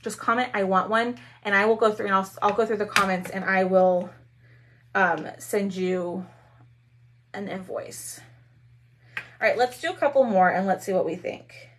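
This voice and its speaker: A woman's voice: mid-range voice, moderate pace, a bit bright. A woman hosting a casual craft live stream, chatting with viewers while she works. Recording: faint background noise.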